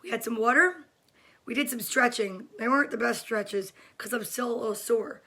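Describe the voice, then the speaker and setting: A woman's voice: fairly high pitch, normal speed, sharp tone. A woman hosting a cheerful daily livestream for kids from her home, chatting casually and greeting viewers by name. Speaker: host of a daily kids' livestream. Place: home room during quarantine.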